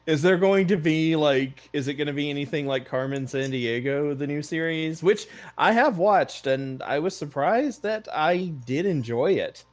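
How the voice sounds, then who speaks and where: A man's voice: a little high, lively intonation, normal speed, hardly any pauses. A man co-hosting a casual chat show from a room at home, easygoing and chatty. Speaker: show co-host.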